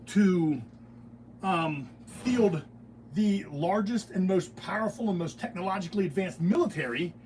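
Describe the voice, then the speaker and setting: A man's voice: high voice, a little mellow. Opinionated man rambling from afar. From United States. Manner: opinionated, digressive, self-interrupting with restarts. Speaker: beekeeping channel host. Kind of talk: casual rambling monologue. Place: workshop. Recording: distant mic with faint room noise.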